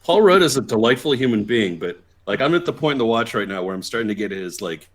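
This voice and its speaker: A man's voice: on the low side, animated, brisk, few pauses. A man co-hosting a podcast, talking casually and wryly about movies, with fillers. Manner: chatty, wry, rambling. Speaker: podcast co-host. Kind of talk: casual chat.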